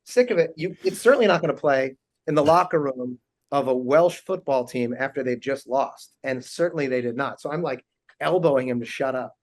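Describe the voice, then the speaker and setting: A man in his forties, a guest on a talk show, telling animated funny stories and laughing often. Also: medium pitch, fairly quick. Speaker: guest, actor and team owner. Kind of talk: casual interview storytelling.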